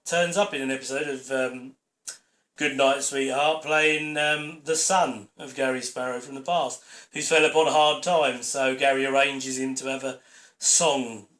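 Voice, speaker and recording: A man's voice: mid-range voice, fairly even intonation, a little slow, sharp tone. A man giving a rambling, opinionated audio commentary over a sitcom episode on his channel. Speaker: channel host. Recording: roomy echo.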